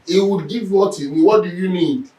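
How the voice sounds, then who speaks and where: This Bible teacher's voice sits high and moves at normal speed as he tells lively stories, acting out people's words. The lesson is recorded from afar in a room with echo.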